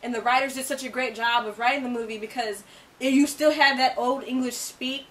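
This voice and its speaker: A woman co-hosting a casual movie review chat, excitable and laughing often. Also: fairly quick, far from the mic. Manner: excitable, laughs often, goes high when mocking critics. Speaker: co-host of a movie review show. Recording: voice from away from the mic.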